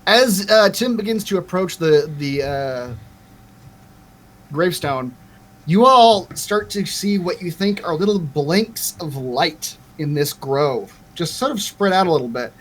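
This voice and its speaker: A man's voice: sits high, lively intonation, unhurried, fairly bright tone. A man running a tabletop game as game master, narrating with frequent hesitations.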